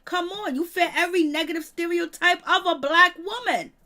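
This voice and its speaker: Bright high-voiced woman, blunt co-host. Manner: blunt, emphatic, quick to laugh. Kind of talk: casual recap chat.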